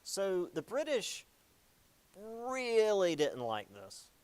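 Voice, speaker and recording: A man's voice: high-pitched, wildly swooping pitch, very slow, darkish tone, clean tone. A young man giving a casual history lecture, chatty and jokey, with many ums and likes.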